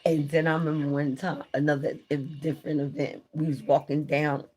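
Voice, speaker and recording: Low-voiced grieving woman chatting on a livestream. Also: little pitch movement, fairly quick, mellow. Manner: talkative, emotional, informal slang. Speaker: livestream host. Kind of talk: casual livestream storytelling.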